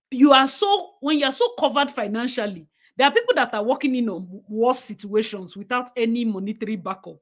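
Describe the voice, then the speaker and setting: A young Nigerian-accented woman, talking straight to her livestream audience. She is blunt and emphatic, and her voice sits a little above the usual pitch for a woman. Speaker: livestream host. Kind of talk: casual livestream commentary.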